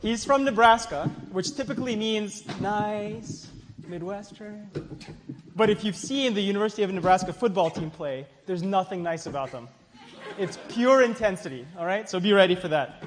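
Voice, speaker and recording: A man's voice: sits high, normal speed. A man hosting a science contest, introducing judges with playful teasing jokes and frequent laughs. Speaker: event host. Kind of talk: joking emcee introductions. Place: large hall with audience. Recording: echoey hall with crowd and noise.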